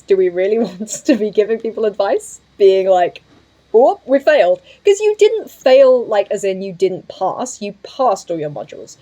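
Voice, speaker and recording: A woman's voice: medium pitch, mellow. A young woman co-hosting a casual chat podcast, giggly and teasing. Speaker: podcast co-host.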